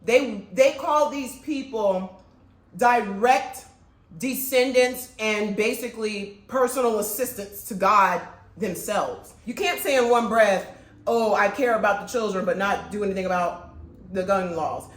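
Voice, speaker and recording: A woman's voice: mid-range voice, lively intonation, a little slow. A woman from Florida co-hosting a casual chat, talking bluntly and emphatically with some swearing. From Florida, USA. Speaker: podcast co-host. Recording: echoey room.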